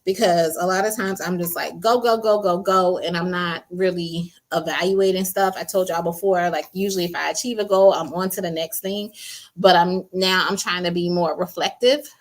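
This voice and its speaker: A woman's voice: fairly low pitch, steady tone, normal speed. A woman hosting a casual livestream, reading viewer comments aloud, chatty and laughing often. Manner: chatty, laughs often, drops to quiet asides. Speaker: livestream host.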